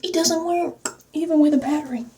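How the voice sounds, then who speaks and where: A woman's voice: high-pitched, fairly even intonation, normal speed, mellow, recorded from a distance, slight background noise. A woman vlogger chatting casually while getting ready, rambling and self-mocking, slipping into a mock country accent. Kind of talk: casual get-ready-with-me chat.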